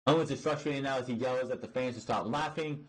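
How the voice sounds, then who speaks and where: A man ranting through a wrestling review with a husky, slightly breathy voice. He sounds exasperated and swears freely, tripping over his words and restarting sentences as he goes. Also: medium pitch, brisk, poor audio. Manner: exasperated, profane, rambling with restarts. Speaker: podcast host reviewing wrestling.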